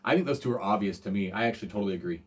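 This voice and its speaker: A man's voice: on the low side, racing. A man in his forties hosting a casual podcast, telling a rambling, self-deprecating story full of fillers and restarts. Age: 40s. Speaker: podcast host.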